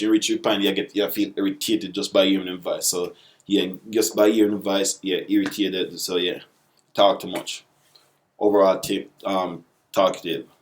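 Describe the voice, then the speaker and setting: A deep-voiced man with a Jamaican accent walks through basic patois phrases in a laid-back video lesson. He repeats each example in dialect before giving the plain English version. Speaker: vlogger teaching patois.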